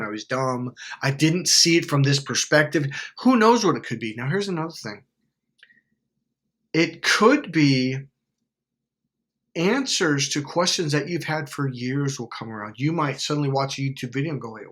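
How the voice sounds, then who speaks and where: A man talking casually to camera, giving self-help advice in an animated, rambling way, acting out little quoted exchanges with sudden jumps in voice. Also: on the high side. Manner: rambling, with many fillers and restarts.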